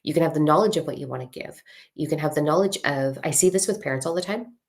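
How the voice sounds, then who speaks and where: A woman spiritual coach talking casually and frankly to a live audience, swearing freely and slowing down to read a mantra. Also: low-pitched, a little mellow. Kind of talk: casual livestream talk.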